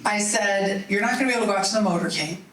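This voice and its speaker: Middle-aged woman, animated storyteller at a party meeting, faint room hum behind her. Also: medium pitch, racing, distant mic. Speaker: political speaker. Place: meeting hall. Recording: roomy hall audio from off-mic.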